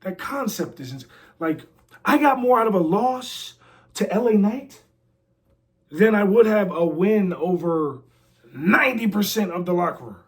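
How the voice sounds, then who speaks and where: A man's voice: high voice, lively intonation, unhurried. A man talking casually in an interview, brash and boastful with lots of slang and trash talk. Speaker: interview guest, former pro wrestler. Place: a house.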